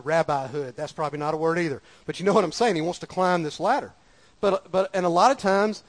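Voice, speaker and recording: A man preaching a sermon in a folksy, conversational way, repeating lines for emphasis. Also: high-pitched. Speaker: pastor.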